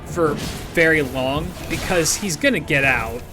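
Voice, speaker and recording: A man's voice: a little high, measured pace, over music. A man streaming a game while telling a story in a rambling, profane way, full of restarts. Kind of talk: casual storytelling while gaming.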